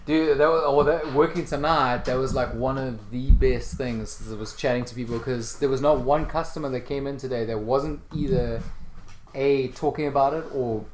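A man's voice: mid-range voice, fairly even intonation, normal speed. A man in casual podcast chat, laid-back and slangy, swearing now and then. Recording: roomy echo, faint noise.

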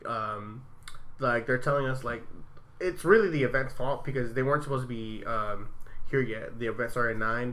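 A man's voice: mid-range voice, pushed and bright. A man who works event security, chatting casually and telling stories, laughing often and acting out what people said. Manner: laughing storyteller, acts out quotes with swearing. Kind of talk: casual chat.

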